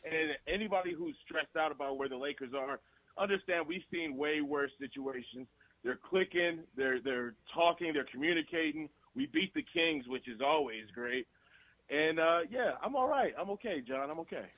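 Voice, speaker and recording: A man's voice: on the high side, lively intonation, normal speed, no room sound, narrow, tinny audio. A male guest actor in a casual radio interview, talking loosely and animatedly with frequent laughs.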